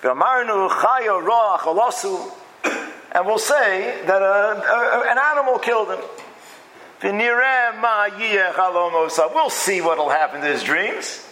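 A Torah teacher gives a lecture-style class in a high, bright, forceful voice with lively intonation and a measured pace. He's emphatic, repeating phrases as he builds his argument, and acts out quoted speech in altered voices. The recording is rough, with slight background noise.

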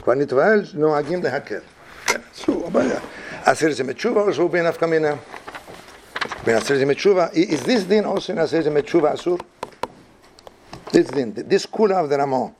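A man's voice: fairly high pitch, animated, rapid-fire, a little mellow, a little hiss or hum. A man teaching a halachic study class, rambling and weaving Hebrew and Yiddish terms into his explanations.

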